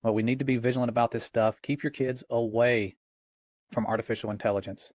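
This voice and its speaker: Man, earnest cautionary religious talk, dry close sound, mid pitch. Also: steady tone, fairly quick, a little mellow, dry recording. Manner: earnest, warning, conversational.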